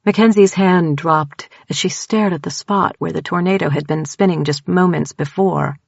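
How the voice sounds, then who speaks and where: A woman narrating a horror audiobook in a measured, unhurried way. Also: fairly low pitch, vocal fry, no echo. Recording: dull, dry close-mic audiobook recording.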